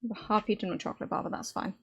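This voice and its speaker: A woman game developer talking casually on a live stream while she codes at her desk. She thinks aloud, halting and restarting often. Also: medium pitch, fairly even intonation, creaky, breathy edge, dull audio. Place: home desk.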